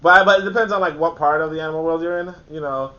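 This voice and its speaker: Casual male host, bright and forceful tone, rambling with fillers, muffled recording. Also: fairly even intonation, fast. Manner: rambling, laughs often, many fillers and restarts. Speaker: host of a book discussion. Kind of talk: casual discussion. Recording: muffled, faint background rumble.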